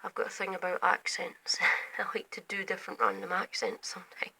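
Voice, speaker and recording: A young woman rambling at night from her bedroom window, often slipping into quiet whispers while filming on her phone. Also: medium pitch, level tone, brisk, gravelly, rough recording. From Scotland. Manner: drifts between quiet whispers and louder asides. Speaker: vlogger. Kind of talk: rambling night-time chat.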